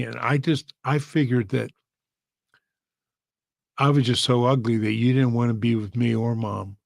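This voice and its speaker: A man's voice: mid-range voice, steady tone, measured pace, creaky, pauses often, dry recording. A man, a pastor, telling an emotional story in an earnest, heartfelt way. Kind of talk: storytelling sermon.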